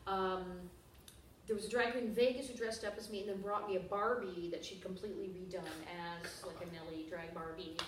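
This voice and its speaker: A woman guest at a live interview, telling anecdotes in an animated way with laughter and acted-out voices. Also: mid-range voice, brisk. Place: bookshop event space. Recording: echoey room, mic at a distance, audible noise.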